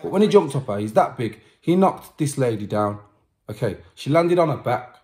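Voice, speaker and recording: A man's voice: mid-range voice, very animated, normal speed, darkish tone. A man vlogging to his subscribers, telling a personal story in a chatty, repetitive way with slang asides. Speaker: vlogger and musician. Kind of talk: casual storytelling to camera.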